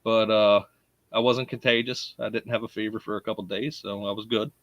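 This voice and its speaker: A man's voice: fairly low pitch, flat delivery, fairly quick, fairly bright tone, no echo, dull audio. A man with a Baltimore accent hosting a live podcast in a casual, chatty way, greeting listeners by name and laughing often. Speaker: podcast host.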